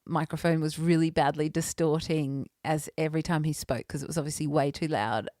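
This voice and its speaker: Female podcast co-host, low-ish voice, lively storyteller, dry close sound. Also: brisk, no echo. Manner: animated storyteller, laughs often. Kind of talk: casual chat, storytelling.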